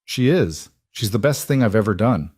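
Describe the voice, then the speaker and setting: Steady gentle single dad, low and reassuring, dry sound , voiced by a man. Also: normal speed, no echo. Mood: fond. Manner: soft, reassuring.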